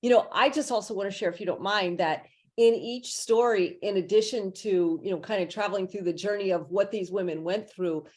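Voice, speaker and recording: A woman's voice: medium pitch, brisk, a little mellow. Enthusiastic woman host on a video call. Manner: enthusiastic and effusive, chatty. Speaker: podcast host. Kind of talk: interview conversation.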